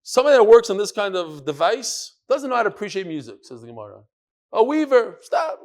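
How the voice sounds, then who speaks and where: His voice sits high and he talks fairly fast, very animated, while teaching a live Talmud class in a study hall. The rabbi acts out quotes, tells stories with flair, and talks straight to his students.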